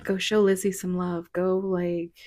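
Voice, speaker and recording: Female tarot reader, low and slow, husky and hoarse from illness, chatty, laughs a lot, whispers asides. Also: little pitch movement, a little mellow. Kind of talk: casual tarot reading chat.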